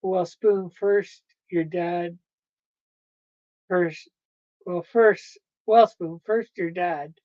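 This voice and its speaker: A woman's voice: fairly low pitch, very slow, long pauses, darkish tone, no echo. Lady streamer just chatting w viewers, rambly, giggles a lot, kinda muffled dry audio. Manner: rambling, laughs often. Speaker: livestream host. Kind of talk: casual chat with viewers.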